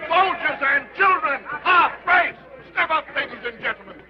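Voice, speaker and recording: An actor playing a loud carnival barker hawking a sideshow to passers-by, in 1930s film style. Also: male voice, animated, normal speed, music in the background, a crowd in the background. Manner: booming, hawking. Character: loud male carnival barker drawing a crowd. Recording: dull old film soundtrack.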